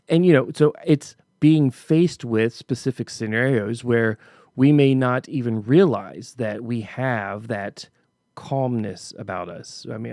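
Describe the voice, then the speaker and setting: A middle-aged man talks through a personal story in a relaxed, reflective way, often restarting his sentences. His voice has a gravelly, creaky edge. The recording is close and dry, with no room sound. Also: mid-range voice, no room sound. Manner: conversational storytelling with frequent restarts. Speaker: podcast host. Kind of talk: casual reflective monologue.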